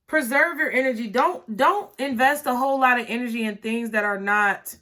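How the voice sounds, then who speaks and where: A woman's voice: a little high, a bit bright. A woman giving a casual, encouraging tarot reading to her viewers, often checking in with "okay?". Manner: encouraging, repeats words, many "okay?" asides. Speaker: tarot reader.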